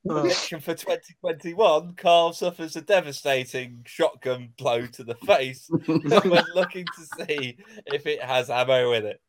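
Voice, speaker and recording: High, teasing male podcast joker. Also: measured pace, a crowd in the background. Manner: teasing, loud, laughing. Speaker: podcast co-host. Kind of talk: casual chat.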